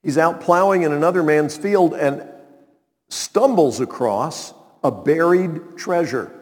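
A man's voice: fairly high pitch, in a large hall. A male pastor preaching a sermon in an emphatic way, repeating his key phrases.

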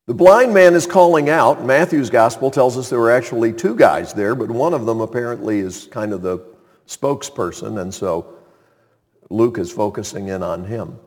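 Male pastor, husky, earnest sermon, swelling emphasis, hall reverb. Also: mid-range voice, very animated, moderate pace. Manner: earnest preaching, swells louder on key points.

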